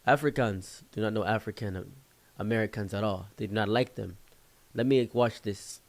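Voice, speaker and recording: A man putting on the voice of his formal African friend, who explains his views in measured, firm sentences. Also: on the low side, natural voice. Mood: matter-of-fact.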